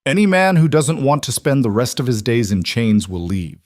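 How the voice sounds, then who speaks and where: A man voicing a ruthless king with ice powers who speaks quietly and commandingly. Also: medium pitch, big pitch swings, moderate pace, dry recording, clean studio sound, voice pushed up, natural voice. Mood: menacing.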